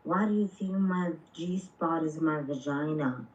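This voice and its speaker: A woman's voice: low-pitched, a little slow, darkish tone. Drunk mumbling woman on a dull mic. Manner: taunting, insulting. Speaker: voice chat participant. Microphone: low-level mic. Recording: dull lo-fi mic with faint noise.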